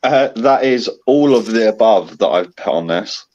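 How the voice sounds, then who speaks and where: Deep blunt man, lo-fi. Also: expressive, normal speed, darkish tone. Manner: blunt, swears casually. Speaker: guest, chili challenge eater. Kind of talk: casual chat. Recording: dull lo-fi sound.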